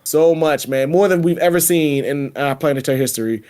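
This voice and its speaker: Podcast host, man, loose and animated, slightly higher voice, casual chat. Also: a little fast, smooth. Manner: animated, laughing, reads predictions aloud then riffs.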